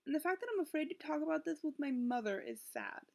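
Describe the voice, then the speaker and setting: A woman's voice: high-pitched, big pitch swings, fast talker, gravelly, darkish tone. A woman in her late teens, talking through a webcam at home in a rambling, emotional, self-interrupting way, with a sore throat. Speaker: vlogger. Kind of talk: confessional webcam vlog. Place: at home, indoors. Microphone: built-in computer webcam mic.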